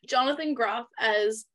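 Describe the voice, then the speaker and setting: Brief: young female co-host, higher-pitched, excitable and blunt, chatty theater talk. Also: slow pace. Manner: excitable and blunt, swears casually. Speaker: podcast co-host. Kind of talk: casual chat about musical theater.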